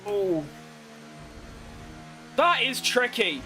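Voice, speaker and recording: A man with a London accent streaming a racing game, chatting with viewers and yelling excitedly at the race. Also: high voice, extremely slow, a little hiss or hum. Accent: London English. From London, England. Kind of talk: live gameplay commentary and chat.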